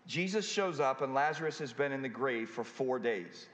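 A man preaching a sermon in a church, pausing dramatically and firing rhetorical questions at the congregation. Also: mid-range voice, animated, a bit bright, dull audio. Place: church sanctuary. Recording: echoey hall with long reverb.

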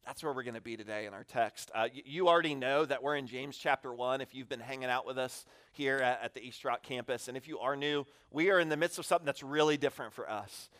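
A fast-talking man in his thirties with a mid-range voice and few pauses preaches a conversational sermon as a guest pastor in a church sanctuary. He's candid, self-deprecating, and animated, acting out little asides as he goes.

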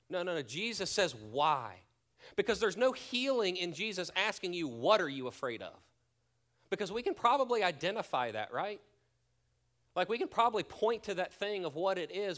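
A man preaching a sermon as pastor, earnest and deliberate, often dropping to a hushed near-whisper for emphasis, and leading a prayer. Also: high voice. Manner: leads a spoken prayer.

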